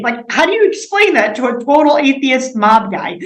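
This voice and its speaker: A woman tells her missionary stories as an interview guest, animated and chatty, full of "like." Her voice sits on the higher side. The recording has a roomy echo. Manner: animated, fast-paced anecdotes with frequent "like". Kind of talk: storytelling in an interview.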